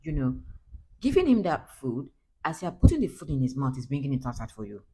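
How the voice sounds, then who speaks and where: Young Nigerian woman, low husky voice, chatty vlogging mom who mixes in pidgin. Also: big pitch swings, fairly quick, dark tone, rough recording. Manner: chatty, laughing, switches into pidgin. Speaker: mother vlogger. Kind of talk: casual chat to camera.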